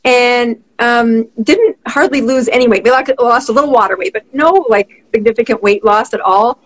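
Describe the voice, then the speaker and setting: A middle-aged woman, a physician guest, telling a personal story in conversation, animated and quick to laugh. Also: fairly high pitch, rough recording.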